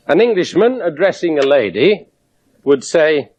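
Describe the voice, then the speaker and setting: Male science lecturer, slightly high voice, wry and demonstrative, muffled 1970s broadcast sound. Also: moderate pace. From England. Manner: lively, wry demonstrating with audience. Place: lecture theatre with audience. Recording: dull 1970s broadcast recording.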